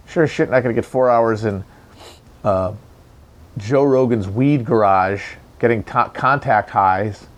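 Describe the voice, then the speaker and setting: A man hosting a casual, rambling political commentary, sardonic and profane. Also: mid-range voice. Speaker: commentator host.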